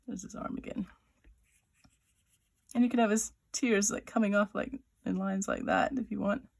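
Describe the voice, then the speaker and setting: A woman's voice: mid-range voice, fairly even intonation, gravelly. A woman illustrator leading a drawing lesson, chatting playfully and thinking aloud as she draws. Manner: chatty and playful, voicing little sound effects; talks while drawing, with pauses and restarts. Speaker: writer-illustrator teaching a drawing workshop.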